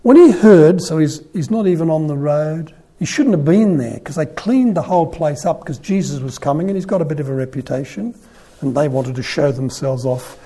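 Male preacher, husky and mellow, chatty sermon delivery. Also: fairly high pitch, normal speed. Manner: conversational, animated storytelling. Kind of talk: sermon on the Gospel.

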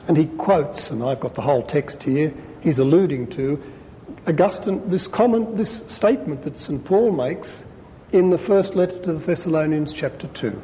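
A man, a priest, preaches in a relaxed, conversational way, breaking off into wry asides. His voice sits fairly high but sounds mellow and dark. The sound carries a long hall reverb over a faint low rumble. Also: moderate pace. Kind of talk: sermon.

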